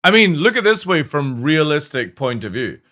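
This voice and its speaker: A man ranting on a game stream, his pitch swinging widely as he complains. He swears freely and sounds fed up, in a loose, casual way of talking. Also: moderate pace. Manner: animated, swearing often, exasperated. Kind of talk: profane casual rant while streaming.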